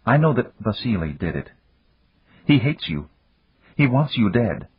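A fragile young woman, soft, breathless and uncertain, as a man reading the story puts her on. Her voice carries a husky grain and swings widely in pitch. It sounds dry and a little dull, as if read close to the mic. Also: big pitch swings, unhurried, no echo, full character voice. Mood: frightened pleading.

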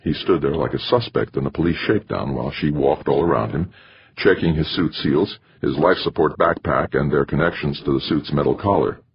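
A man reading a novel aloud as an audiobook narrator, in expressive storytelling. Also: very deep voice, brisk, gravelly, slightly rough, muffled recording. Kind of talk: scripted narration.

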